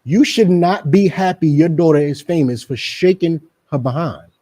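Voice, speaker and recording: A slightly high, warm voice at moderate pace belongs to a middle-aged religious group speaker on radio. He lectures like a preacher, repeating himself with emphasis and speaking to nearby people by name.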